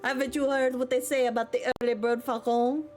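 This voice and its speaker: A woman voicing a brisk male sparrow who assists a detective in a bird-lawyer video game, reading her lines slowly and deliberately. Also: sits high, little pitch movement, darkish tone, soft background music, natural voice. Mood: brisk, teasing.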